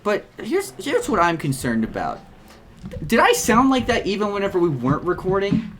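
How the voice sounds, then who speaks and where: A man's voice: sits high, wildly swooping pitch, normal speed, noisy background. A young man co-hosting a let's play, rambling casually with lots of swearing and self-mocking jokes. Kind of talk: casual gaming commentary.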